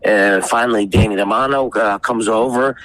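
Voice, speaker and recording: A man's voice: lowish voice, moderate pace, fairly bright tone, low-quality recording. A man telling a rambling, profane story on a casual podcast, often acting out the people he quotes. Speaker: guest storyteller.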